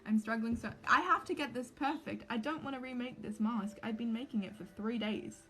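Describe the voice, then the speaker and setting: Brisk and forceful, her bright voice sits on the high side, with faint music in the background. The young woman is crafting a cosplay mask live, drawing while she anxiously rambles through casual chat with her audience.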